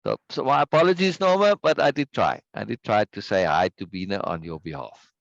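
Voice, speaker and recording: A man hosting a live stream and chatting casually with viewers. He rambles, repeats words and greets people warmly. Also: fairly low pitch, expressive, moderate pace, gravelly, no room sound, muffled recording. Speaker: livestream host.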